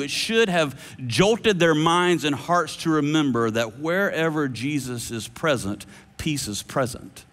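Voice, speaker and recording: A pastor with a high, bright-edged man's voice preaches with earnest emphasis, pausing to let phrases land. His words ring out with a long hall reverb around them. He drops low and quiet whenever he quotes a line. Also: animated. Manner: earnest preaching with dramatic pauses, dropping soft for quoted words. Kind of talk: sermon. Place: church auditorium.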